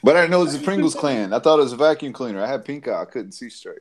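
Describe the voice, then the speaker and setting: A man's voice: medium pitch, animated, rapid-fire. A man hosting a casual live-stream chat, joking crudely, swearing and laughing often. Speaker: host.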